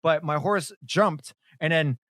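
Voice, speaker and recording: Bright, animated young-sounding man chatting. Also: a little high, slow, no echo, clean studio sound. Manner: animated storytelling, laughs often, swears. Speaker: podcast co-host. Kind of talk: casual chat about video games.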